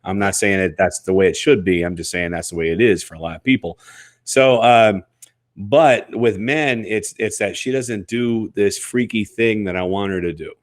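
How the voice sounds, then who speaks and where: A man co-hosting a podcast, explaining at length with many fillers and restarts, his voice rough from sickness. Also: fairly low pitch, moderate pace, dry recording, studio quality. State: sick, rough voice. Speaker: co-host. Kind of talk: casual podcast chat.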